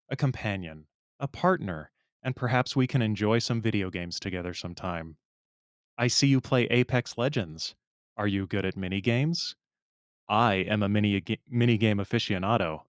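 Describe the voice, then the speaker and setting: A man reading the part of a pompous, self-important male Discord regular, delivering it earnestly with slowed, drawn-out endings. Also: lowish voice, smooth, no room sound, studio quality, lightly acted.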